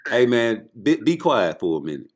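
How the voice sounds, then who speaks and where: A man in casual banter, coaching a friend with insistent, repetitive advice. He speaks at an ordinary, mid-range pitch. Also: sing-song, moderate pace. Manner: coaching, insistent, repeats himself.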